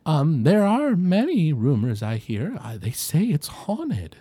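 A soft-spoken older woman neighbor from a tabletop game, courteous and a little unsure, stumbling and repeating herself as she answers, put on by the game master in a raised, lilting voice. The sound is dry and close. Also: medium pitch, huge pitch swings, slow, breathy edge, dry recording, heavily acted. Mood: polite. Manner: gentle, hesitant, repeats words.

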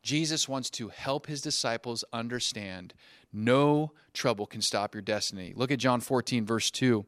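A man's voice: mid-range voice, normal speed, no echo. Dry, close-miked male pastor preaching. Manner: animated storyteller who acts out dialogue. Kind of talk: sermon.

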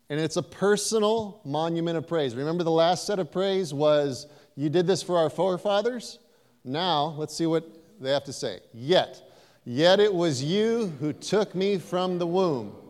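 A man preaching a sermon, animated and playful, acting out little voices and joking with the congregation. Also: a little high, normal speed. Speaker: pastor. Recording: long hall reverb.

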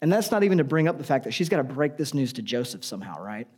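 A man's voice: medium pitch, sing-song, fast, darkish tone, breathy edge. A man preaching a sermon in a conversational, joking way, often asking the audience questions.

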